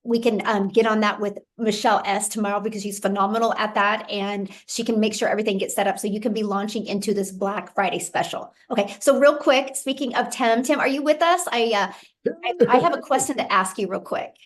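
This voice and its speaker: A woman's voice: mid-range voice, steady tone, a little fast. A woman co-hosting a webinar over a video call, bubbly and encouraging. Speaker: webinar co-host.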